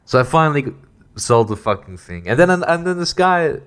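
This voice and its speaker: A man's voice: on the high side, sing-song, fairly quick, a bit bright, clean tone. A man hosting a podcast, rambling casually with profane, exasperated rants. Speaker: podcast host.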